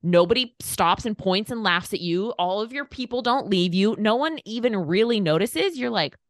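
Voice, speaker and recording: A woman in her thirties, a podcast guest talking candidly, blunt and animated, swearing casually. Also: mid-range voice, moderate pace, no echo, studio quality. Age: 30s. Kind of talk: candid conversation.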